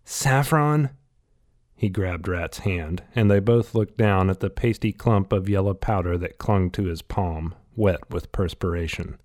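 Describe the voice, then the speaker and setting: A man reading a novel aloud in steady, scripted audiobook narration. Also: low voice, moderate pace, few pauses.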